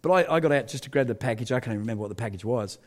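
A man's voice: medium pitch, expressive, racing. A male pastor, telling a story in a sermon with self-mocking humour and frequent laughter.

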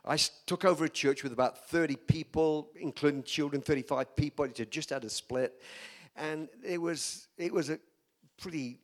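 An older man preaching from the pulpit, a storyteller who acts out every exchange. His voice sits a little high for a man, and he builds up to loud, emphatic declarations. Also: normal speed. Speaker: pastor. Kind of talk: sermon storytelling.

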